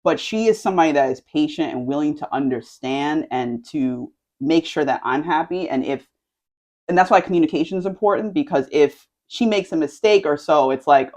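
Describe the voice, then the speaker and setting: Low-voiced animated woman chatting. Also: normal speed. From United States. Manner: animated storytelling with frequent fillers. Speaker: host. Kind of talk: casual chat.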